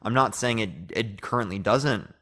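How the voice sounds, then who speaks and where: A man's voice: on the low side, normal speed, bright, forceful tone. A man in a casual debate, probing and pressing his argument.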